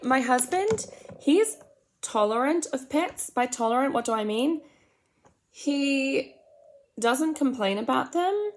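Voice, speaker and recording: A woman in her forties with an Australian accent, chatting through a comedic makeup routine. She rambles, mocks herself and slips into soft whispered asides. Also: sits high, expressive, slow, long pauses. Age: 40s. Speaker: makeup vlogger. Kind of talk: comedic get-ready-with-me chat.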